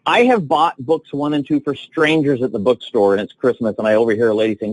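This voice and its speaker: A man coaching salespeople on a training call, telling stories with excitement and lively swings in his voice. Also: mid-range voice, fast, dry recording, poor audio. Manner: enthusiastic, animated storytelling with big swings.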